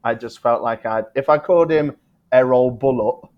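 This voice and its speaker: A man co-hosting a betting podcast, giving football tips in a relaxed, rambling way and correcting himself as he goes. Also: mid-range voice, fairly quick, lo-fi sound. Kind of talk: casual betting tips chat.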